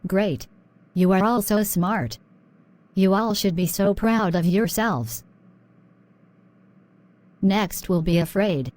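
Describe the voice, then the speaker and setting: A woman's voice: mid-range voice, slow pace, long pauses, a little mellow, no echo. A woman teaching English vocabulary in a scripted drill, encouraging and repeating words.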